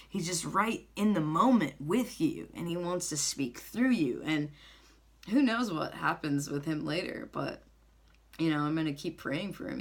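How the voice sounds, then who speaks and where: A woman worship leader giving a casual church announcement, bubbly and laughing often, repeating words when she gets excited. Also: low-pitched.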